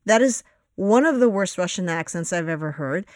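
A woman's voice: fairly low pitch, expressive, moderate pace, no room sound. Blunt opinionated woman, dry close sound. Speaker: podcast co-host. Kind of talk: casual film review chat.

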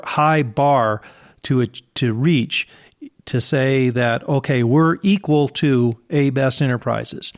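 A man guest in an interview, the sales side of a family business, explaining things earnestly at length. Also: mid-range voice. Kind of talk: casual interview talk.

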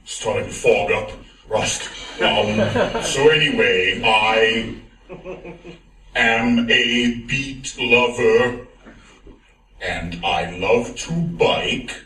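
An actor playing a nervous, awkward night shift supermarket manager who rambles, giggles and keeps apologizing. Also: male voice, medium pitch, expressive, drawn-out words, sharp tone, full character voice. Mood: giddy. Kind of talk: comedic web video monologue. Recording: echoey room played from far off, faint noise.

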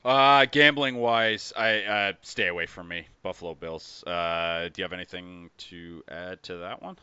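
A man co-hosting a casual sports betting podcast, talking in animated bursts and restarting his sentences as he thinks aloud. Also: deep voice, unhurried, clear, resonant tone, no echo, dull audio. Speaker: podcast co-host.

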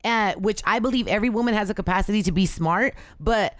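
A woman's voice: medium pitch, fast. Blunt, profane young woman chatting. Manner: candid, blunt and profane, animated. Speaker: podcast guest. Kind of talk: casual chat.

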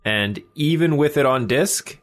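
A man co-hosting a casual gaming podcast, relaxed and a little hesitant. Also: on the high side, unhurried. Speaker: podcast co-host.

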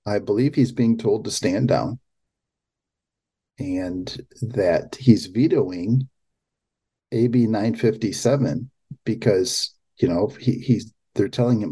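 A man's voice: lowish voice, animated, dark tone, husky. A man hosting a political commentary show, talking in an incredulous way and often restarting his sentences. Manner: incredulous, halting with repeated restarts. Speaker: podcast host.

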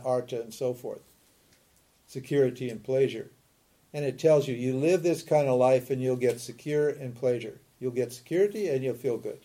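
Speaking on scripture in a mellow, mid-range voice, a spiritual teacher keeps putting rhetorical questions to his listeners. He chuckles often as he explains and throws in a quick "huh?"

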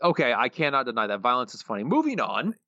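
A man's voice: mid-range voice, big pitch swings, fast, bright, forceful tone, no room sound. A man co-hosting a podcast, loosely recapping plot with many fillers. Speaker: podcast co-host. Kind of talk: casual chat. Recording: dull, dry podcast mic.

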